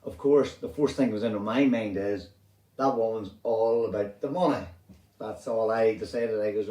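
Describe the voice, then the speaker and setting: A middle-aged man with a Northern Irish accent telling a personal story in a rambling, animated way, swearing freely. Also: on the low side, a little fast. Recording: roomy sound, distant from mic.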